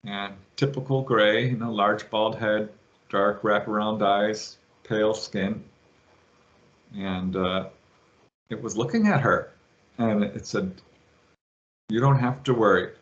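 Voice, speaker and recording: A man guest on an interview show, retelling a witness's story with lively quoted voices. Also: fairly low pitch, slow, lo-fi sound. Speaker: guest, UFO researcher.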